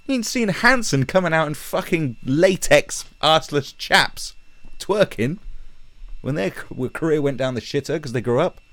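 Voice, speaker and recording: A man's voice: fairly high pitch, very animated, moderate pace, a bit bright, dry recording. A man ranting sarcastically and swearing heavily as he reads and picks apart statistics on a live stream.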